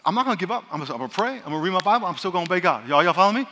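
A man's voice: high-pitched, sing-song, racing, sharp tone, slight background noise. A man preaching a sermon as pastor, joking with the congregation and leading call-and-response declarations. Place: large church hall. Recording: long church-hall reverb.

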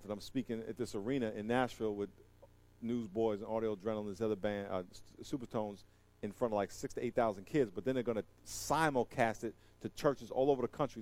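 A man preaching a sermon, animated and joking, swinging from loud emphatic lines to quiet asides. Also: on the low side, fast talker. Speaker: pastor.

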